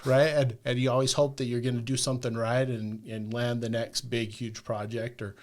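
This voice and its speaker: A man's voice: medium pitch, level tone, normal speed. A man chatting casually as a podcast guest, telling a long personal story and peppering it with "like" and "right?". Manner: rambling, peppers talk with "like" and "right?".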